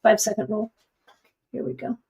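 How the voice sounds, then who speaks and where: A woman's voice: mid-range voice, little pitch movement, normal speed, vocal fry, a little mellow, breathy edge. A woman hosting a live jewelry-making demonstration, chatting encouragingly and thinking aloud as she works.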